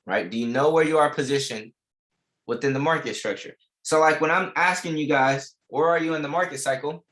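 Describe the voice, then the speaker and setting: Young guy teaching an online class, says stuff twice for emphasis, casual slangy, middle pitch. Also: a bit bright. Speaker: trading instructor.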